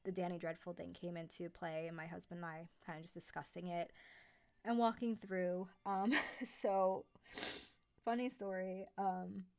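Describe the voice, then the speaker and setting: Рассеянно болтающая молодая женщина-стример. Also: female voice, lowish voice, fairly even intonation, a little slow, darkish tone. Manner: rambling, chatty, many fillers and self-corrections. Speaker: streamer and narrator. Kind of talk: casual live-stream chat.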